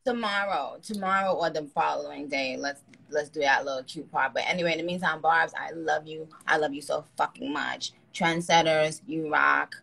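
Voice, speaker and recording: A woman's voice: deep voice, moderate pace, vocal fry, few pauses, a bit bright, husky. A woman hosting a phone live stream, chatting casually and teasing her guest in a blunt, profane way.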